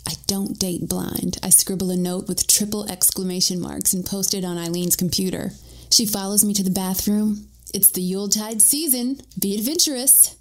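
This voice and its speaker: A woman narrating a first-person story with a wry, lively storytelling manner. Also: mid-range voice.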